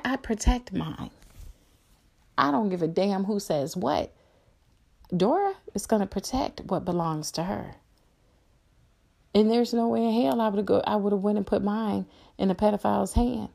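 A middle-aged woman with a dark, gravelly voice delivers a heated solo podcast rant. She talks bluntly and angrily and swears freely, pressing every point hard. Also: mid-range voice. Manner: blunt, angry, profane ranting. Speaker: podcast host.

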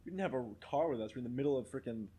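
Young man, from Mexico, podcast host, casual storytelling, animated, laughs a lot, swears freely, mid-pitched voice. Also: racing, slightly rough, dry recording.

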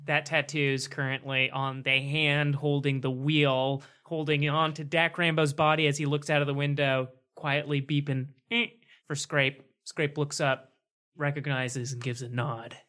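A man's voice: a little high, flat delivery, unhurried, pushed and bright. A man narrating a tabletop game as game master, in a loose, casual style with fillers.

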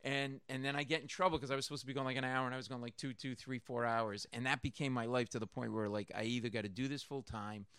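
Animated, bright-voiced male comedian telling stories. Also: mid-range voice, fast, hardly any pauses, smooth, no echo. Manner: animated, rambling, acts out voices in his stories. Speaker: guest comedian. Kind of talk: storytelling anecdote in a radio interview. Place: radio studio.

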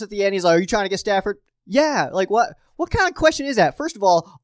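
A man's voice: sits high, no room sound, studio quality. A man hosting a casual sports commentary show, talking animatedly and acting out fans' reactions. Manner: animated, acts out fan reactions in quotes.

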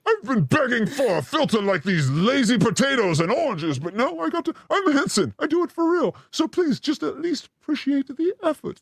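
A man's voice: sing-song, normal speed, few pauses, slightly rough, no echo, studio quality. Theatrical man hosting with wild swings. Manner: playful, theatrical, swings between high and low voice. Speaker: show host. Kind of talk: comedic live-stream chat.

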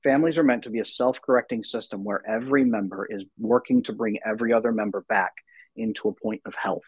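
A husky-voiced man in his thirties speaks as a guest in a podcast-style interview. He talks about parenting in a lively, conversational way. His voice sits in an ordinary pitch range, and the recording is close and dry. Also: fast talker, no echo, low-quality recording. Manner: animated, acts out voices in anecdotes.

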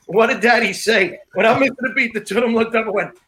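Middle-aged male comic guest, bright tone, faint hiss, quick anecdotes. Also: very high voice. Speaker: comedian guest. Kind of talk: casual chat.

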